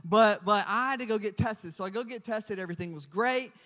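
A man with a high voice preaches to a congregation, and he tells his story with animated energy, jumping into other people's voices. His voice rings with the long reverb of a large hall. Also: brisk. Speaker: pastor. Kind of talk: sermon with personal story. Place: church.

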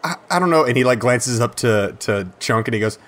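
A man's voice: mid-range voice, expressive, brisk, fairly bright tone. A man playing a tabletop role-playing game, giggly and playful, often acting out his kid character's lines. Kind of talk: casual tabletop role-play chat.

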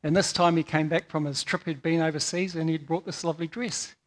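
A man's voice: on the high side, steady tone, fairly quick. A man giving a sermon, telling rambling stories with frequent repeated words. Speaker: preacher.

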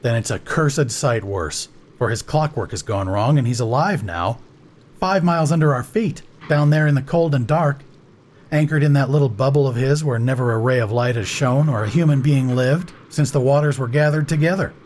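A man voicing an excitable naval commander on a gunboat, speaking in an animated, dramatic way. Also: medium pitch, moderate pace, a little hiss or hum, natural voice. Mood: brooding.

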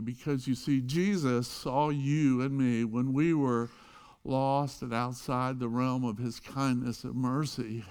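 Man preaching with hushed, dramatic storytelling. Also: medium pitch, moderate pace, clean tone. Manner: storytelling with wide swings between loud emphasis and hushed quiet. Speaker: pastor. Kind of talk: sermon.

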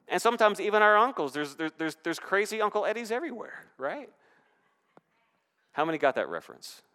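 A man preaching a sermon in a church, animated, with rising and falling emphasis. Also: high voice. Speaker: pastor. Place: church sanctuary. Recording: reverberant church hall.

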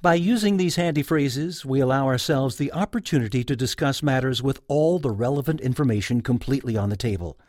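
A middle-aged man hosting a podcast, narrating a personal story in a reflective, wry, clearly articulated way. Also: mid-range voice, expressive, a little fast, hardly any pauses, darkish tone, no room sound, studio quality. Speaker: podcast host.

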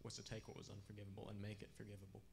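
A man playing a calm, gently questioning teacher. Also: lowish voice, gravelly, a little hiss or hum. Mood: tender. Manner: slow, soft, measured questions. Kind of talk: church skit acting.

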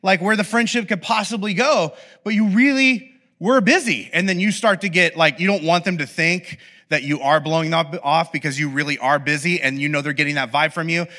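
A man's voice: fairly high pitch, brisk, hardly any pauses, bright, forceful tone. A man preaching a sermon, telling a story with playful acted-out asides. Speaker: pastor. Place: church podcast recording.

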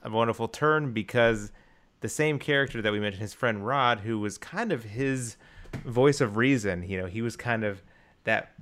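A man's voice: mid-range voice, moderate pace, fairly bright tone, slight background noise. A man co-hosting a podcast, talking casually about a film with enthusiasm, restarting his sentences often. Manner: enthusiastic, rambling with many restarts and fillers. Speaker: podcast co-host.

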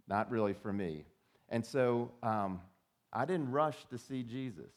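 A man's voice: medium pitch, animated, takes it slowly. A man preaching a sermon in a conversational way, often repeating words as he starts a thought and acting out quoted voices. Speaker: pastor.

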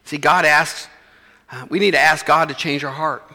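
A man's voice: fairly high pitch, steady tone, normal speed, sharp tone, long reverb tail. A man, preaching a sermon in a church in a conversational way and acting out the voices of his listeners. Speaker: pastor.

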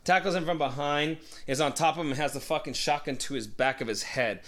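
A man's voice: fairly high pitch, brisk, a bit bright. A man telling a long story in casual chat, swearing a lot and acting out the voices of the people in it. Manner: profane, rambling, acts out voices.

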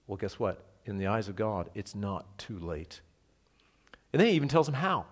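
A man's voice: lowish voice, sing-song, moderate pace. A man preaching an expository Bible study, conversational and emphatic, who leans into quoted lines with dramatic emphasis. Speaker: pastor.

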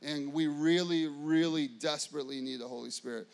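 A man with a fairly high voice gives a relaxed, conversational sermon as pastor. He talks loosely with plenty of fillers and keeps asking his listeners whether they follow. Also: a little fast, gravelly. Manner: conversational, loose, with many fillers and audience check-ins. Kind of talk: casual sermon.

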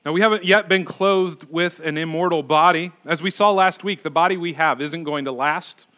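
A man's voice: fairly high pitch, moderate pace, pushed and bright. A middle-aged male pastor preaching a sermon, emphatic and repeating words for stress.

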